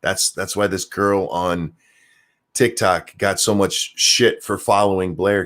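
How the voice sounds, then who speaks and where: A man's voice: deep voice, animated, takes it slowly, fairly bright tone. A man giving casual ranting commentary as host of his own show, sarcastic and swearing freely, often repeating words as he gets worked up. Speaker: commentary streamer.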